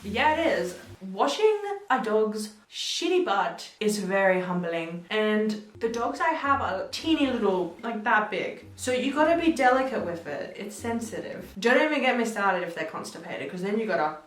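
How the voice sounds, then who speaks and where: A woman's voice: mid-range voice, sing-song, normal speed, few pauses. Australian woman, playful and self-mocking. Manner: self-mocking, laughs often, swears casually. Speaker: vlogger. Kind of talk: casual vlog chat. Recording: roomy, off-mic, faint music.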